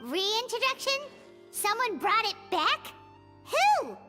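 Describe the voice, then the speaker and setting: A very high, childlike voice of a small creature in a game. She teases and pokes fun with a cheeky lilt and lively, swooping pitch. Loud music plays underneath. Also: slow pace, full character voice. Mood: startled. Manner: cheeky and teasing. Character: tiny sassy childlike floating companion creature.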